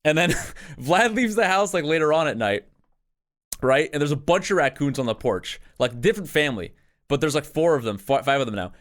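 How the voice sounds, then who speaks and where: A man's voice: fairly high pitch, brisk. Swearing young man telling a story. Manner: animated, swears often, frequent restarts. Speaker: podcast co-host. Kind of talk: casual storytelling.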